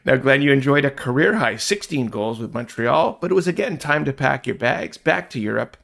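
Gravelly-voiced male interview host. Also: mid-range voice, animated, a little fast, fairly bright tone. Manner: recaps the guest's career in a scripted way. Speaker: podcast host. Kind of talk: interview questions.

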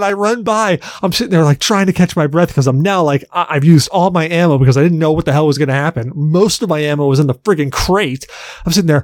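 A man's voice: on the high side, quick pace, no room sound, clean studio sound. A man co-hosting a podcast, telling a story animatedly in casual chat, swearing and acting out his own yelps. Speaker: podcast co-host.

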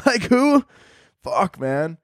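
A young man hosts a podcast in a profane, rambling comedy monologue, breaking into laughter often. His voice sits a little high. The sound is dry and close, with no room echo. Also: sing-song, extremely slow. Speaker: podcast host.

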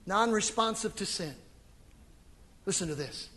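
A middle-aged man preaching a sermon as pastor, animated and emphatic, with sudden loud swells. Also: high-pitched, takes it slowly, long pauses, long reverb tail. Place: church sanctuary.

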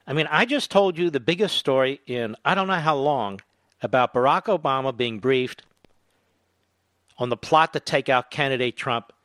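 A man's voice: medium pitch, no echo, clean studio sound. Indignant male political talk host. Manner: indignant, emphatic, rising to loud outrage. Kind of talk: combative political commentary monologue.

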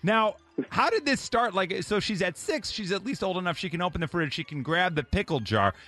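A man's voice: high-pitched, brisk, faint music behind. A man hosting a morning radio call-in show, joking with callers and acting out quotes. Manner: lively, joking, acts out quotes.

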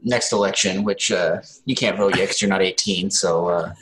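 A man in his thirties, a father, co-hosting a podcast with slow, easygoing, wry chat. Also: sits low, steady tone, noisy background. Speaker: podcast co-host. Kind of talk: casual chat.

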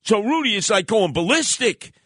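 A man hosting a radio talk show, telling stories in an animated, heated way. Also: high-pitched, moderate pace, dry recording, studio quality. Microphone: studio microphone.

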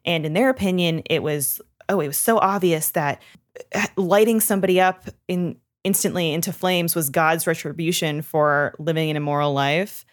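A woman's voice: sits low, normal speed. A woman from Canada, co-hosting a podcast in casual chat, playful and teasing. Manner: playful, teasing, laughs easily. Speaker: podcast co-host.

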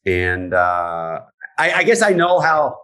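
A man appearing as a guest on a podcast, answering in a relaxed, slightly hesitant way during casual chat. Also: low-pitched, slow pace.

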